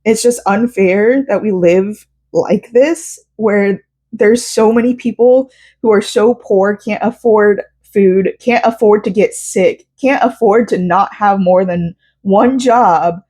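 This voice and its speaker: A woman's voice: medium pitch, slow pace, mellow. Young woman vlogger from Florida, emotional, rambling with fillers, mid-range voice. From Central Florida, US. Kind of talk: personal vlog.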